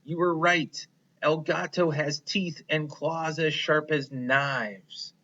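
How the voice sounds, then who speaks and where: Three tiny, frightened storybook mice cry out in high, squeaky, pleading voices, as a man puts them on. The tone is bright and tense. The recording sounds dull and lo-fi. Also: steady tone, slow. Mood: sorry. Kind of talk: storybook reading.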